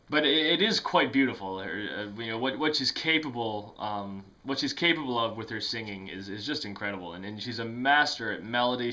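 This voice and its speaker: A man's voice: fairly low pitch, sharp tone. A man talking casually to camera about music he loves, rambling with lots of fillers, restarts and self-mocking asides. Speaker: music vlogger.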